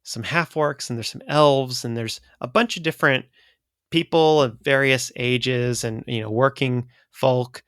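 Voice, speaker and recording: A man running a tabletop game as game master, describing scenes haltingly with many fillers. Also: mid-range voice, fairly even intonation, fairly bright tone, clear, resonant tone, no room sound, clean studio sound.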